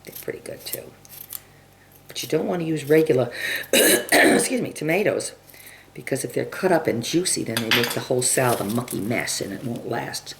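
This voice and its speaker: A woman giving a casual cooking demonstration in her home kitchen, chatting and clearing her throat often. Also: very deep voice, fairly quick. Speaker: home cook demonstrating a recipe. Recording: home video with kitchen noise. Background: chopping, dishes and cutlery clatter.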